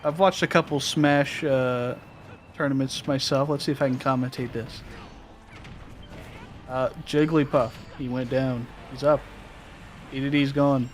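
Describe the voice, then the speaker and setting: A man co-commentating a broadcast in casual chat, playful and halting with frequent fillers. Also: mid-range voice, fairly even intonation, slight background noise.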